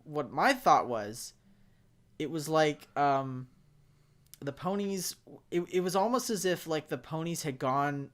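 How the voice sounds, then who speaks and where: Excitable young man rambling about a cartoon. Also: fairly high pitch, takes it slowly. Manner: excitable, rambling, heavy on fillers. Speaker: podcast co-host. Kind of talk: casual fan discussion.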